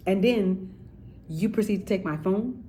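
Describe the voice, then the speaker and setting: A woman's voice: mid-range voice, a little slow, mellow, a little hiss or hum, rough recording. A woman giving casual, sassy commentary straight to her viewers. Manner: chatty, sassy, addresses viewers directly. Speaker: commentary vlogger.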